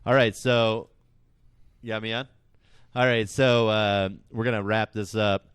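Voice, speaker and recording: Smooth low-voiced male podcast host. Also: steady tone, measured pace, fairly bright tone, no room sound, studio quality. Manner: rambling, laughs at his own stories. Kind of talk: casual podcast chat.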